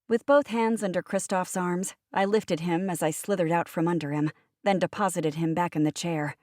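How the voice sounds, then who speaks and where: A woman narrating an audiobook in the first person, wry and brisk. Her voice sits a little low for a woman. The studio sound is close and dry, with no room around it. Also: steady tone, darkish tone, no echo.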